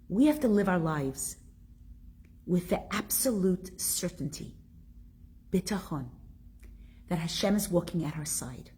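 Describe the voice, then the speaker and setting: A woman leading a live online religious class. She reads viewers' comments aloud and talks with emotion, rising high with excitement and sinking to near-whispers. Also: measured pace, long pauses, breathy edge.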